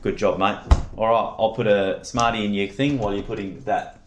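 A man's voice: on the low side, fairly even intonation, normal speed, a little hiss or hum. A man tutoring a child one-on-one in phonics, giving patient, encouraging drill prompts. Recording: echoey room.

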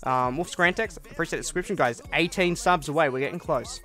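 A man's voice: fairly high pitch, brisk, a bit bright, soft background music. An eighteen-year-old Australian man chatting casually on a gaming live stream, answering viewer comments in a laid-back way.

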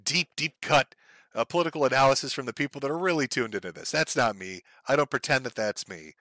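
A fired-up man rants about current events in a bright, forceful voice. His delivery is profane and sarcastic, with mocking impressions dropped in. The sound is close and dry, with no room behind him. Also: on the high side, dry recording. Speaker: commentary streamer. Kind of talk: ranting political commentary.

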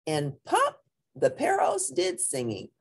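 Slow, husky female reader for a children's book, playful and very lively in pitch. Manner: expressive, playful. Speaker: storybook reader. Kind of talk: children's read-aloud.

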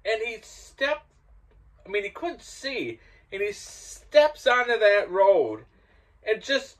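An older man hosting and casually telling a story, growing loud and laughing as it builds. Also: high-pitched, sing-song, takes it slowly. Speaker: host.

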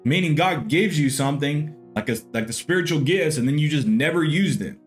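A man's voice: fairly high pitch, lively intonation, fairly quick, soft background music. A man, a pastor, teaching a Bible lesson in an earnest, conversational way. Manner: earnest, conversational, with frequent "you know".

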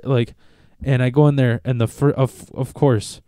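A man tells a long, profane story in loose podcast chat. His voice is dark and mellow, and it sits dry and close with no room sound. He keeps stopping and restarting his sentences. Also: mid-range voice, steady tone, moderate pace, clear, resonant tone, no room sound. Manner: rambling, profane, self-interrupting. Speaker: podcast co-host.

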